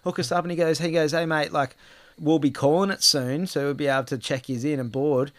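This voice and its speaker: Man, casual storytelling, animated quotes, dry close sound. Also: a little high, brisk, no echo. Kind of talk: casual chat.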